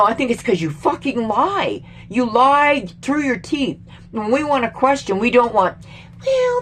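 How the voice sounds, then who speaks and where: A woman's voice: a little high, fairly bright tone, a little hiss or hum. Heated middle-aged Canadian woman ranting. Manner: heated, swearing, exasperated. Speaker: vlogger. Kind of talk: angry political rant to camera.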